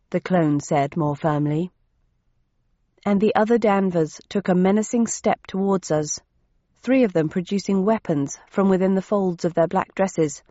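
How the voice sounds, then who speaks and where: A woman narrating a first-person novel in a wry, measured storytelling manner. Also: fairly low pitch, dark tone, dry recording, dull audio. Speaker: audiobook narrator.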